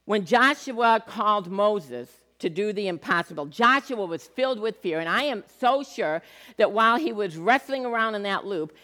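A woman preaching a sermon, animated and acting out quoted voices with sudden swings between loud and soft. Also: medium pitch, normal speed. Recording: hall reverb.

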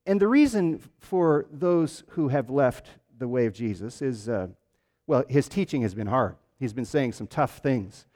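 A man preaching a sermon, telling stories with lively emphasis and frequent restarts. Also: medium pitch, unhurried, in a large hall. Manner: animated storytelling with repeated restarts.

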